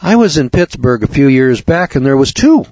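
A man's voice: mid-range voice, sing-song, moderate pace, a little mellow, no room sound. A man hosting a talk radio show, ranting through rhetorical questions and sarcastic asides to his listeners. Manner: sarcastic, addresses audience as kids. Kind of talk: radio monologue. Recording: dull lo-fi radio broadcast.

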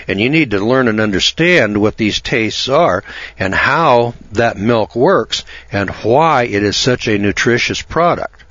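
A man's voice: fairly low pitch, fairly bright tone, dry recording, dull audio. A man hosting a radio talk show, talking in a folksy, opinionated, rambling way with lots of fillers.

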